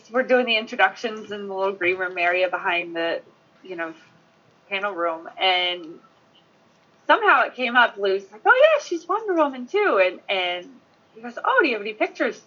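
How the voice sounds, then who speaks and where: A woman on a convention panel chatting quickly and casually, telling an anecdote. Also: mid-range voice, pushed and bright. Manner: chatty, quick, with frequent laughs. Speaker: convention guest. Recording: dull lo-fi sound.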